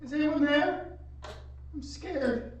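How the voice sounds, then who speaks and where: A man voicing a frightened child lost in the dark, calling out for help in a small pleading voice. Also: extremely high pitch, takes it slowly, very echoey, distant mic, a little hiss or hum, pitched above the performer's own voice.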